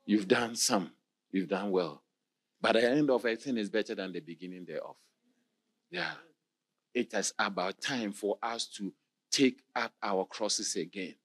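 A man preaching a passionate sermon, moving between quiet talk and shouted exclamations. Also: fairly low pitch, measured pace.

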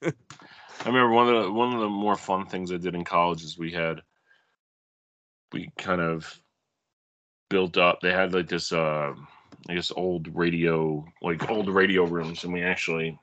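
A man's voice: deep voice, steady tone, unhurried, pauses often, fairly bright tone, muffled recording. A man co-hosting a podcast in casual chat, laid-back and rambling. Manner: laid-back, rambling, with playful bits of mock radio-announcer voice. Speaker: podcast co-host.

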